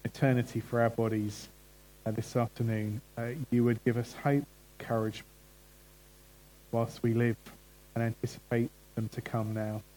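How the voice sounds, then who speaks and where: A man's voice: mid-range voice, little pitch movement, normal speed, long pauses, warm tone, low-quality recording. A man preaching a conversational sermon and putting questions to the congregation. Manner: chatty, asks the congregation questions.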